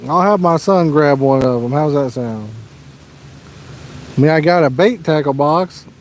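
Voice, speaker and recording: Midwestern American man, slightly high voice, easygoing livestream host chatting outdoors by a lake, faint noise behind him. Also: measured pace. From Midwest USA. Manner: laid-back, chatty, answers viewers' questions. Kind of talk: casual livestream chat.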